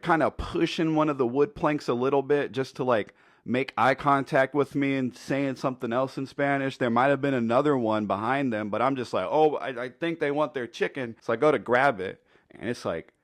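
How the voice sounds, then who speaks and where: A man's voice: medium pitch, dry recording, studio quality. A man telling a funny story in a casual, rambling, foul-mouthed way. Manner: laid-back, profane, rambling. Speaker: storytelling commentator.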